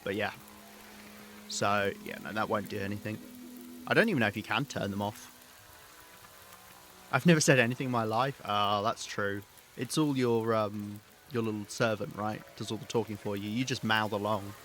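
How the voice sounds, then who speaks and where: Man, live game commentary, rambling hesitant delivery, slightly low pitch. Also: fairly even intonation, normal speed, a bit bright, a little hiss or hum. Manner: rambling, thinking aloud with hesitations. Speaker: game streamer.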